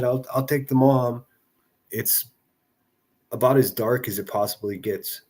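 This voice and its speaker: A man from a northern US city hosts a casual livestream, his voice on the low side, a little mellow, with a breathy edge. He rambles through commentary and reads chat messages aloud, restarting himself often.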